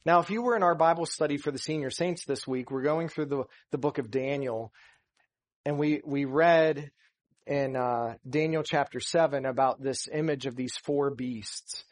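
A man delivers a sermon from the front of a church, speaking in a slightly higher register than most men. He talks earnestly, and his voice lifts and strengthens when he drives a point home. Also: moderate pace. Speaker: pastor.

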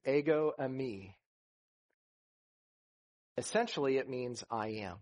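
A man preaching a sermon, earnest, rising to emphasis and acting out scripture dialogue. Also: medium pitch. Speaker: pastor.

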